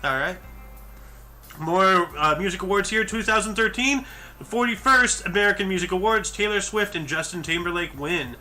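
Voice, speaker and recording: High bright voiced dude reading off a list of history dates, chatty and jokey, some faint music under it. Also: male voice, moderate pace. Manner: chatty, rattles off scores, jokey asides. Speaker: podcast host reading history events. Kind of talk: casual chat reading off a list.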